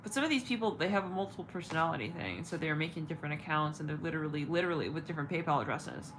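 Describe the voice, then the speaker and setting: A woman with a lowish voice talks casually as a tarot reader on her own channel, wandering from thought to thought with lots of "like" and "you know" and the odd swear. There is a faint hum behind her. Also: rapid-fire. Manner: rambling, searching for words, frequent fillers and swearing. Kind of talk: casual livestream chat.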